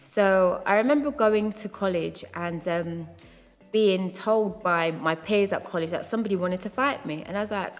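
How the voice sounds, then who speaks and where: A woman's voice: mid-range voice, normal speed. A woman, a singer-songwriter and host, telling a personal story in a reflective way, laughing now and then. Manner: reflective, laughs often, quotes people in put-on voices. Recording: long reverb with faint music behind. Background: faint background music.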